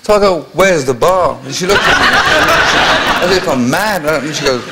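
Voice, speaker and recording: A man's voice: a little high, big pitch swings, normal speed, very noisy. A man telling rambling, self-mocking anecdotes as a guest on a chat show, with many restarts.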